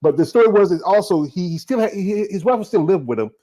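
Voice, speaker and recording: Man, slightly high voice. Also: expressive, mellow, poor audio. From Southern United States. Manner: joking, halting, repeats words. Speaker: podcast host. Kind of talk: casual chat.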